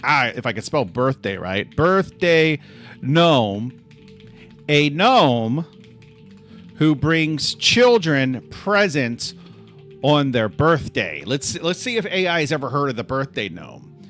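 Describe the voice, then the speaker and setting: A man's voice: on the high side, very animated, slow pace, fairly bright tone, faint music behind. A man hosting a casual live stream, sarcastic and full of mock outrage. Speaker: livestream host.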